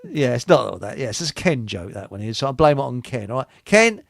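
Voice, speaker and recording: This is a radio host in easy chat, telling shaggy pub jokes and laughing at his own lines. His voice is gravelly and swings widely in pitch. The sound is dry and close. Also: very animated, quick pace, no echo. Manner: chuckling, rambling joke-teller who stumbles over lines.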